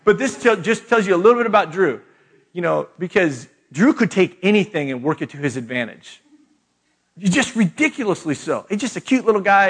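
A man's voice: high-pitched, fairly bright tone. A middle-aged man speaking at a retreat, telling a funny family story with self-mocking jokes and laughter. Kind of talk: humorous retreat talk.

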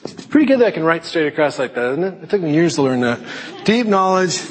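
A middle-aged man preaching a sermon in a lively, joking way, slipping into put-on voices for effect. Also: quick pace, long reverb tail, crowd noise, noisy background. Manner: animated, jokey, puts on high panicky voices. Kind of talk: sermon with acted asides.

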